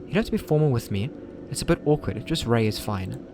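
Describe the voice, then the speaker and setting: A man voicing a gentle, friendly teenage schoolgirl in a video game, speaking softly and politely. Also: medium pitch, expressive, quick pace, background noise, lightly acted.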